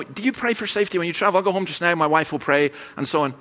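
Bright-voiced man preaching a sermon. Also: sits high, very fast, hardly any pauses, dull audio. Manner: anecdotal, humorous storytelling. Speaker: pastor.

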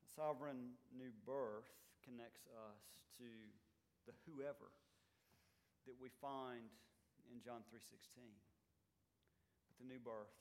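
A man preaching a sermon as pastor, swinging between loud emphatic lines and quiet, low ones. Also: creaky. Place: church sanctuary.

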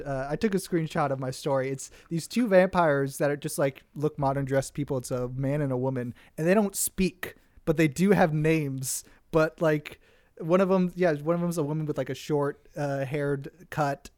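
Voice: mid-range voice, darkish tone, dry recording, clean studio sound. A podcast co-host in casual chat, rambling enthusiastically and swearing casually.

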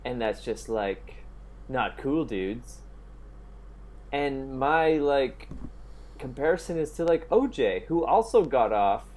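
A man chatting casually as a podcast co-host, blunt and heavy on swearing, with frequent "like" fillers and animated outbursts. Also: mid-range voice, slow pace, long pauses. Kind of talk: casual chat.

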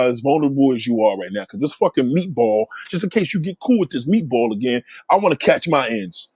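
A man's voice: fast talker, hardly any pauses, husky, no room sound. Profane, ranting male streamer. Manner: animated, swinging pitch. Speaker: channel host reacting to viewers. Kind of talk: heated live commentary.

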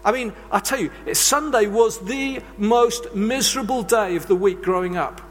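A man's voice: high voice, moderate pace, a bit bright. A man preaching a sermon, telling earnest, confessional stories from his own life. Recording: long reverb of a large hall.

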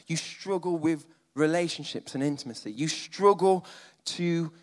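A man preaching a sermon, moving between loud emphatic lines and quiet, almost whispered ones. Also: on the high side, normal speed, big-room sound.

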